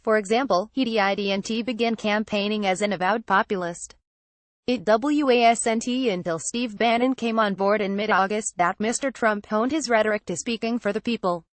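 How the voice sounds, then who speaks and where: A woman narrates a political commentary piece in a steady, measured reading voice. Her pitch sits in an ordinary middle range. The recording is dry and close, with no room sound. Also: no echo. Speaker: narrator reading an opinion article. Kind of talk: scripted narration.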